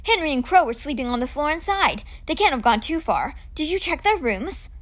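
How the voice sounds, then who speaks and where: A woman's voice: sits high, very animated, brisk, voice pushed up. A woman reading a storybook aloud, voicing an earnest, anxious young male leader. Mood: urgent.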